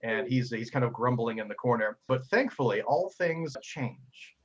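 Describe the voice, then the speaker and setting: A man narrating a tabletop game as game master, a lively storyteller who often stumbles and repeats words. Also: medium pitch, moderate pace, breathy edge, muffled recording.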